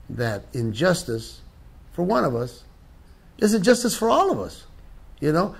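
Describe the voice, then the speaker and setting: An older man answering interview questions in an impassioned, emphatic way, rising in pitch on his key points. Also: creaky, breathy edge.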